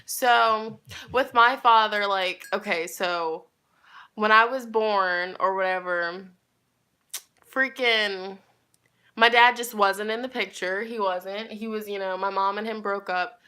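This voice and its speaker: A woman's voice: medium pitch, slow pace, sharp tone, clear, resonant tone. A young woman chatting to her viewers in a rambling, casual storytime, talking straight to them as she goes. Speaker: tarot reader and vlogger.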